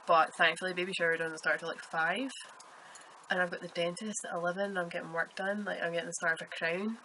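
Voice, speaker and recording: A woman's voice: fairly low pitch, fairly even intonation, fast, bright, forceful tone, slight background noise, low-quality recording. A woman with a Scottish accent hosting a podcast, chatting casually and telling rambling stories. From Scotland. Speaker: podcast host. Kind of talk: casual chat.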